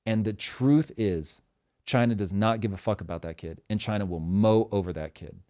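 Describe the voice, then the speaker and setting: With a voice on the low side and a moderate pace, a man in his forties hosts a talk show, full of profanity and emphatic, lively storytelling in casual conversation.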